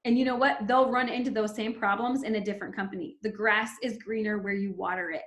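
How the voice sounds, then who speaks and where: A woman's voice: medium pitch, steady tone, quick pace, echoey room. Fervent woman giving a pep talk. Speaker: team leader. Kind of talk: motivational team call.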